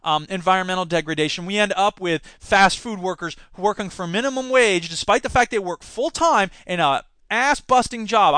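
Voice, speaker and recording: A man hosting a podcast, giving opinionated solo commentary with animated rants and sarcastic asides. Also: sits high, no room sound. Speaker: podcast host.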